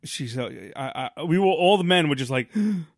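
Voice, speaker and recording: A man co-hosting a podcast, telling stories in casual chat, rambling and animated with lots of restarts. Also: fairly high pitch, fairly quick, dry recording, clean studio sound. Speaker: podcast co-host.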